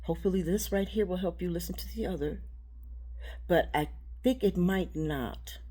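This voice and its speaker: A woman giving a rambling, preachy spiritual monologue, halting and repeating words, dropping to a hush and then rising loud. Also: lowish voice, slightly rough. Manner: preachy, swings between hushed and loud.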